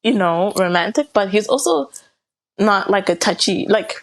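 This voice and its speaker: A woman's voice: medium pitch, lively intonation, normal speed. A young adult woman, a podcast guest, animatedly retelling a personal story and quoting others, with many filler words. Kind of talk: casual storytelling.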